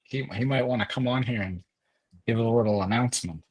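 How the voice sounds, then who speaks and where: A man with a husky, slightly rough voice at a middle pitch, co-hosting a live online chat. He cracks wry, deadpan jokes and swears in passing. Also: brisk, dry recording. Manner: wry and joking, swears casually. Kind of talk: casual live-stream chat.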